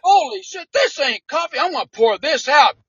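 A man voicing an exasperated male army station commander who scolds and shouts. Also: very high-pitched, very animated, normal speed, no room sound, muffled recording, pitched above the performer's own voice, heavily acted.

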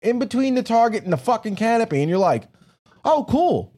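A man's voice: sits high, lively intonation, fast, darkish tone. A man co-hosting a podcast in casual chat, telling stories in a profane, rambling way. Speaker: podcast co-host.

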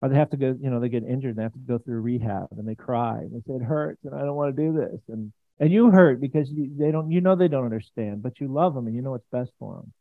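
A man's voice: mid-range voice, fast talker, hardly any pauses, no echo. A man preaching a conversational sermon in a church, chatty and enthusiastic, with frequent asides to the congregation. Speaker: pastor. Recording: dry, tinny phone-like sound.

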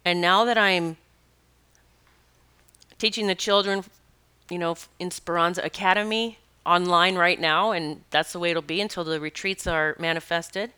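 A woman who works as a spiritual teacher tells stories in a casual monologue, animated and emphatic, and she laughs often. Her voice sits on the low side, her pace is normal, and the tone is clean.

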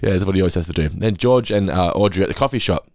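Fast-talking animated man, dry close sound. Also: low-pitched, dry recording. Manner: animated, quotes lines in put-on voices. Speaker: podcast co-host. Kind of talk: casual chat recapping a sitcom episode.

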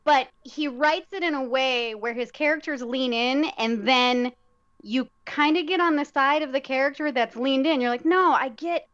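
Woman theater director guest, higher register, reflective and searching, casual chat; muffled lo-fi recording. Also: moderate pace, a bit bright. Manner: reflective, searching for words with many fillers. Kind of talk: casual conversation. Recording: dull lo-fi sound.

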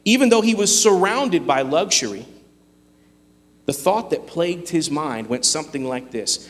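A man preaching a sermon, earnest and emphatic, with dramatic pauses. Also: a little high, expressive, big-room sound, slight background noise. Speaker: pastor.

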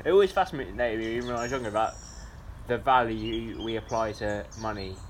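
A man's voice: lowish voice, fairly quick, a little hiss or hum. A man co-hosting a podcast, chatting casually and rambling through stories. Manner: chatty, rambling, laughs often. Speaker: podcast co-host. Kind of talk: casual chat.

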